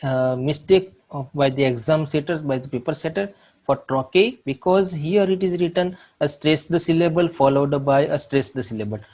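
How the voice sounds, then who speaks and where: A man from India teaching English literature, walking through exam questions with frequent pauses and fillers, calling his viewers friends. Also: a little high, a little mellow, low-quality recording. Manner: slow, halting, many fillers, addresses viewers as friends. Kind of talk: exam solution lecture.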